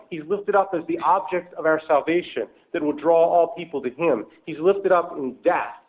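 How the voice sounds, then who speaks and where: A man preaching a sermon in a somewhat high voice, working through numbered points one at a time and explaining each. He lifts his voice to stress key words. The sound is thin and narrow, like a phone line. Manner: structured, explanatory, rises for emphasis. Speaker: pastor. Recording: tinny phone-like audio.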